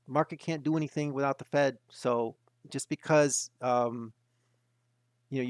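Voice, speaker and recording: A man's voice: mid-range voice, dry recording. Insistent man in a dry webinar talk. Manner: emphatic, repetitive, insistent. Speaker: market analyst hosting a webinar. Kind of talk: webinar market commentary.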